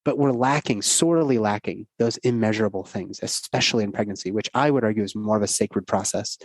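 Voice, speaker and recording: A man's voice: fairly low pitch, fairly quick, dry recording. A middle-aged man, a doctor guesting on a podcast, telling a personal story in an earnest, rambling, casual way.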